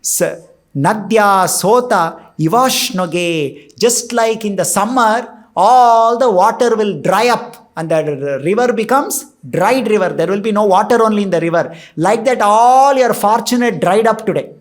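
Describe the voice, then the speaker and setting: Furious scheming old maidservant, put on by a male storyteller; scolding, urgent. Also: sits high.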